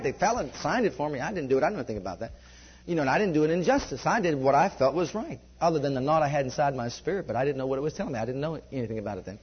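A man preaching in a conversational storytelling way, animated and laughing often as he gives a testimony. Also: on the high side, husky. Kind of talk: sermon storytelling. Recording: dull lo-fi recording.

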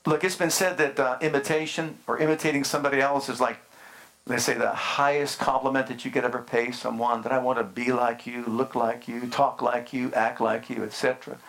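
A middle-aged man preaching a sermon, with slow, emphatic phrasing and rhetorical questions to the congregation. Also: mid-range voice, steady tone, creaky, fairly bright tone. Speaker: pastor.

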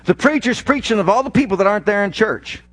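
A man preaching a sermon as pastor from the pulpit, animated, with mocking asides. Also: high-pitched, fast talker. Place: church.

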